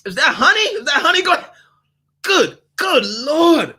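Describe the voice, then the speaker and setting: A man voicing a scheming, freeloading customer in a high, squealing, cackling tone. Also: big pitch swings, unhurried, pushed and bright, heavily acted. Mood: mock delight.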